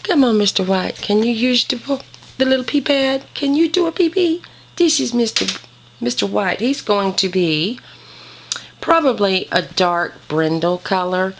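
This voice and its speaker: A woman's voice: on the high side, lively intonation, measured pace, slight background noise. A woman filming her puppies at home on a handheld camera, cooing baby talk at them and explaining them as a breeder. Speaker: dog breeder. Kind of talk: home video narration.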